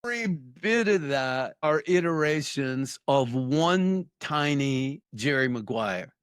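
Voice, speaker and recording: A man, a negotiation expert guest, talking in an animated interview and acting out bits of dialogue. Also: mid-range voice, takes it slowly, clean tone, no echo, studio quality. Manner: storytelling, acts out dialogue with sudden loud bursts.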